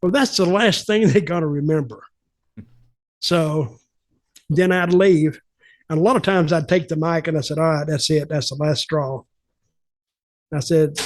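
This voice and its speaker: Older man, animated storyteller. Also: fairly high pitch, normal speed, pauses often, no echo. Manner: animated, acts out quotes of others. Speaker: podcast host telling wrestling stories. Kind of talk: casual storytelling.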